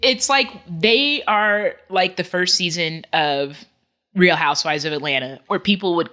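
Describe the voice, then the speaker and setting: A woman's voice: fairly low pitch, unhurried, sharp tone. A woman hosting a podcast, chatting casually with jokey asides about reality TV. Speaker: podcast host.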